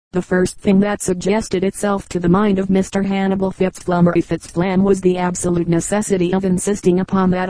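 A woman reading a comic story aloud as an audiobook, moving briskly through the narration and slipping into the characters' lines. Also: on the low side, dark tone, dry recording, rough recording. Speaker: audiobook reader.

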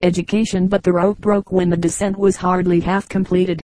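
A woman reads short humorous stories aloud in an even, steady audiobook manner. Her voice is mellow and warm rather than bright. The recording is close and dry, with no room sound. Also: lowish voice, normal speed, no room sound, low-quality recording. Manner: steady storytelling read. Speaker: audiobook reader. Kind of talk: scripted narration.

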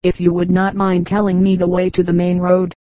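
A woman's voice: on the low side, completely flat delivery, a little fast, warm tone, dry recording, natural voice. A woman reading the lines of a hungry runaway schoolboy who gives short, guarded, polite replies.

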